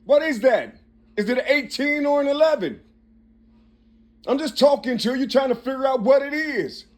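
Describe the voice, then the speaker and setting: A man with a notably high voice talks in a rambling monologue he records himself. He works through numbers and letters aloud, repeating himself and asking "you see?" over and over. His delivery is halting and full of restarts. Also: lively intonation. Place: Cincinnati, Ohio.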